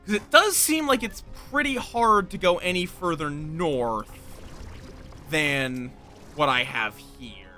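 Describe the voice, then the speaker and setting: A man's voice: a little high, animated, slow pace, sharp tone, faint music behind. A man casually streaming a game, rambling playfully, joking at his own expense and chatting with viewers. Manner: rambling, playful, self-deprecating, chats with viewers. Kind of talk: casual livestream chat over gameplay.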